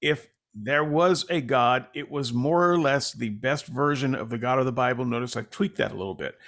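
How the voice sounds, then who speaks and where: A man's voice: medium pitch, moderate pace, few pauses, fairly bright tone. A man hosting a podcast, talking in a casual, rambling and self-deprecating way with lots of fillers. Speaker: podcast host. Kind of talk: casual conversational interview.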